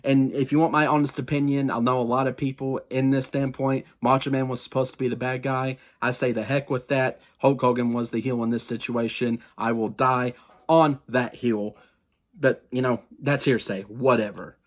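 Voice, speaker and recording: A man's voice: medium pitch, steady tone, normal speed. A man hosting his own wrestling history show, talking casually to viewers with lots of asides, self-corrections and strong opinions. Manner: rambling and chatty, with frequent asides and self-corrections; opinionated, addresses viewers directly. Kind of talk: casual history talk to camera.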